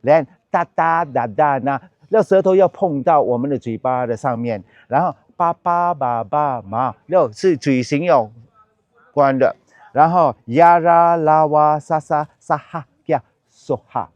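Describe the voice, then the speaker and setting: A man, a Buddhist monk, teaching a dharma class, switching between English and Mandarin and slowly chanting mantra syllables. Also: fairly high pitch, no room sound, dull audio.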